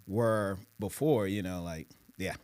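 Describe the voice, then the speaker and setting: A man hosting a podcast, talking in an earnest, deliberate way. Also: low-pitched, darkish tone, clean tone. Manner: earnest, deliberate, speaks slowly when challenging listeners. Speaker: podcast host. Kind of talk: casual conversation.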